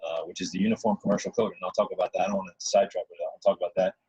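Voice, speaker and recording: A man's voice: low voice, level tone, racing, a little mellow, husky, no room sound, lo-fi sound. A man earnestly telling a personal story in a casual, rambling way, often restarting his sentences.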